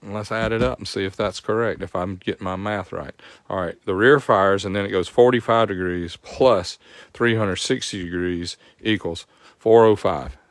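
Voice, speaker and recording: Southern male host, lowish voice, folksy live-stream teacher, dry recording. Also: fairly even intonation, normal speed, no room sound. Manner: folksy, explains step by step, greets viewers. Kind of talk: live-streamed technical lesson.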